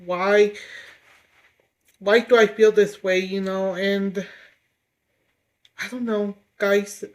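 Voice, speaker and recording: In a low-quality home recording, a woman vlogs in a medium-pitched, level voice at a slow pace. Getting emotional, she speaks hesitantly and keeps restarting her sentences in this confessional video.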